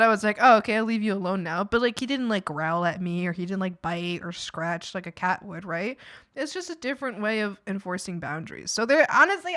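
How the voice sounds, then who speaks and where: A woman's voice: medium pitch, pushed and bright. A woman streamer chatting casually with her viewers, rambling with lots of fillers and frequent laughs.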